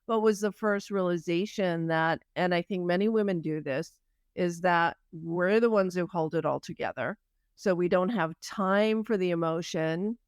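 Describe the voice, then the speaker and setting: A woman's voice: on the low side, normal speed, clean tone, no echo, clean studio sound. A woman hosting a podcast interview, talking in a reflective way and asking long, open questions. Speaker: podcast host. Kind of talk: conversational interview.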